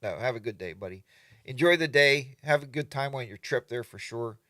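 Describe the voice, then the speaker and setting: An older man hosting a relaxed live chat, reading viewer comments and mimicking other riders in exaggerated voices. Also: mid-range voice, fairly quick, dry recording, clean studio sound. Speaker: livestream host.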